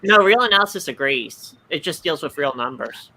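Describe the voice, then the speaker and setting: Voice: mid-range voice, animated, normal speed, pushed and bright. A guest in a casual group chat, speaking in a dry, matter-of-fact, slightly pedantic way.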